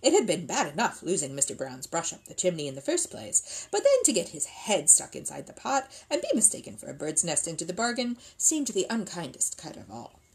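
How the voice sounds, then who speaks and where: A woman reading a children's book aloud in an expressive, lilting way. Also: fairly low pitch, fairly quick, hardly any pauses, poor audio. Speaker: reader.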